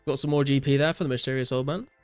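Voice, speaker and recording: Smooth-voiced young man streaming a game. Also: medium pitch, rapid-fire, soft background music. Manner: relaxed, reads out chat messages and answers viewers with many fillers. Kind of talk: casual live-stream chat while gaming.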